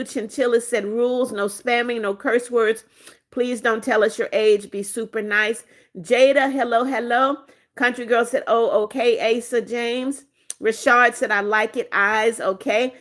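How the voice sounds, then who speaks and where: A woman's voice: on the high side, a bit bright. A middle-aged American woman hosting a livestream in casual chat, reading viewers' comments aloud and answering them in a friendly way. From United States. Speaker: livestream host.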